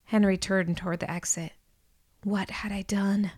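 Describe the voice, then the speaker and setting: A woman's voice: medium pitch, fairly even intonation, normal speed, darkish tone, no echo. A woman reading a first-person novel aloud with earnest, emotional delivery, close to the mic. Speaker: audiobook narrator.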